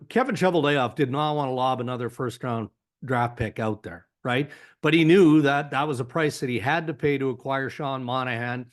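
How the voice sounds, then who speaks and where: A man with a Canadian accent, a hockey insider guest on a podcast, speaking in a measured, analytical way with frequent "you know" fillers. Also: mid-range voice. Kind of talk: podcast interview.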